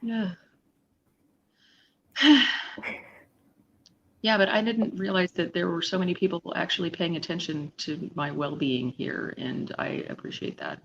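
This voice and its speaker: A woman's voice: fairly low pitch, measured pace, vocal fry, long pauses, muffled recording, slight background noise. A woman casually chatting on a live stream, rambling and laughing at herself. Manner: rambling, self-deprecating, laughs often.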